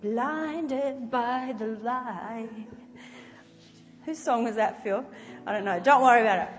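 A woman's voice: on the high side, takes it slowly, faint music behind. A woman preaching a conversational sermon, acting out little scenes as she talks. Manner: conversational, animated, acts out scenes. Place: church hall. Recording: reverberant hall.

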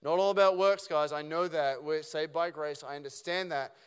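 A man preaches from a church stage, loose and conversational, firing off rhetorical questions and restarting his sentences as he goes. His voice is smooth and resonant and sits a little high for a man. The sound is carried by the long reverb of a church hall. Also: steady tone, normal speed. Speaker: pastor. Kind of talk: sermon. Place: church auditorium.

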